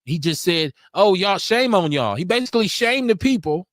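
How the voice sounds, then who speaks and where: A man's voice: high voice, animated, moderate pace, a bit bright, no echo, studio quality. A man hosting a live online talk show, speaking bluntly and casually with lots of slang and animation. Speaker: host. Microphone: video call.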